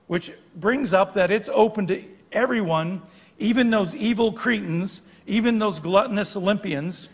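An older man preaching a sermon in a church sanctuary, his slightly high voice carrying a long reverb tail. He explains the text in a conversational, teaching way and stops to correct his own wording. The hall rings behind every phrase. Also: normal speed, husky. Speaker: guest preacher.

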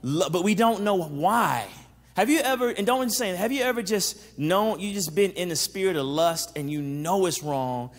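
Male psychologist, high-pitched, lively faith-based teaching talk with audience check-ins, long hall reverb. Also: moderate pace. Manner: animated, checks in with the audience, acts out quotes.

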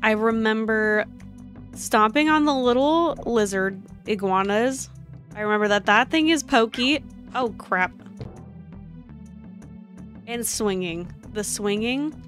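A woman streamer talking to her viewers during a live game stream, excitable, often gasping and exclaiming. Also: fairly high pitch, takes it slowly, long pauses, soft background music. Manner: chatty, addresses her viewers directly.

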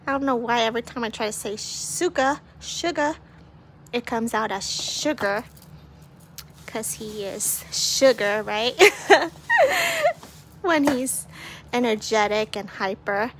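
A young woman vlogging casually at home, bubbly and giggly as she talks excitedly. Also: a little high, measured pace, a little hiss or hum. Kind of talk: casual unboxing vlog.

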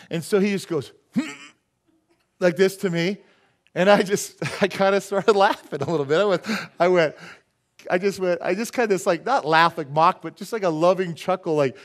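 A male pastor preaching a sermon in a church, telling a story with animated, laughing delivery. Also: sits high, fairly quick.

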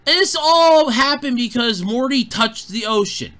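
A man with a bright, forceful tone gives an exasperated review as a profane rant. His pitch leaps around in lively swings, and his sarcasm is heavy. He talks into a home mic. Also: unhurried, few pauses. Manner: exasperated, sarcastic, swears freely. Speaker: show reviewer.

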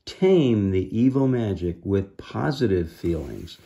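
A man's voice: low voice, lively intonation, slow, gravelly, warm tone, full character voice. A man doing a brave, rousing boy. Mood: earnest. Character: brave boy, loyal and encouraging friend.

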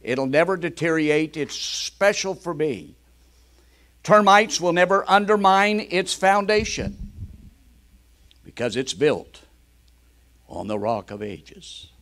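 A man's voice: on the high side, fairly bright tone. An older man preaching a fervent sermon with exclamations.

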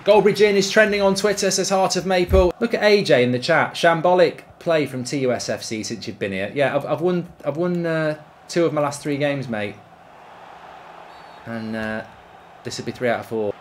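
A man streaming a football video game, reacting loudly, swearing and cheering at the play. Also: on the high side, normal speed, slight background noise. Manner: excitable, swears, shouts at the game. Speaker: gaming streamer. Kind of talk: live football game commentary.

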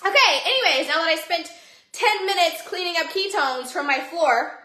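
A woman hosts a casual phone livestream from home, chatty and bubbly, greeting viewers by name. Her voice is high, bright and sharp. The room around her echoes. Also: lively intonation, normal speed. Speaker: livestream seller. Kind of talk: casual livestream sales chat.

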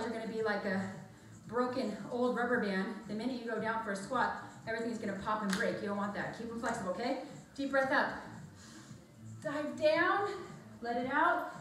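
An upbeat woman fitness instructor coaches a workout class, cheering people on and counting reps, slightly out of breath. Her voice sits a bit high and rings in a very echoey room, picked up from some distance. A faint room hum sits behind her. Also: a bit bright. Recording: echoey room, mic far off.

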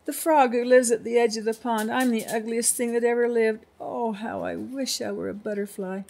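A man's voice: very high voice, steady tone, normal speed, creaky, darkish tone, voice pushed up. A woman voicing a small, sad, envious young male cricket in a storybook, pleading and whiny. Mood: despairing.

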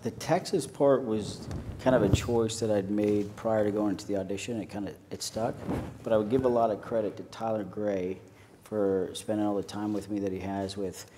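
A young adult man with an Irish accent, an actor chatting on a panel stage and telling jokey, animated stories. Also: lowish voice, moderate pace, a little hiss or hum. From Ireland. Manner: lively storyteller, jokey and animated. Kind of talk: casual panel chat. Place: panel stage at a screening venue.

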